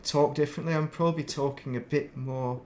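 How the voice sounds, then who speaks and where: A middle-aged man with a softened northern English accent, chatting casually and rambling while streaming a game. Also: fairly high pitch, steady tone, brisk, slight background noise. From northern England. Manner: rambling, thinks aloud, laughs at himself. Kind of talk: casual chat while playing.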